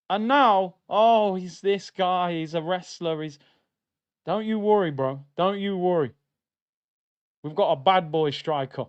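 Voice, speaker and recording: A young man calls a live football match for his stream viewers, excitable and full of slang. His voice sits high for a man. The audio is dry and a little muffled, like a home streaming setup. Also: a little slow, smooth, dry recording. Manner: excitable, slangy, shouts at big moments. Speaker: football watchalong host. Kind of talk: live football watchalong commentary. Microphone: streaming mic.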